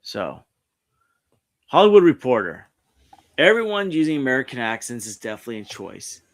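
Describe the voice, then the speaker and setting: A man's voice: mid-range voice, very animated, normal speed. Rambling New man streaming. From New York. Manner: rambling, frequent restarts and self-corrections. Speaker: streamer host. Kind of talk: casual pop culture commentary, reading articles aloud. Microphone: streaming setup mic.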